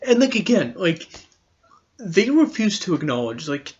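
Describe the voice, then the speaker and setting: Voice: mid-range voice, big pitch swings, unhurried, a little mellow, breathy edge, lo-fi sound. A podcast host giving a casual political commentary monologue, rambling and sarcastic, often laughing.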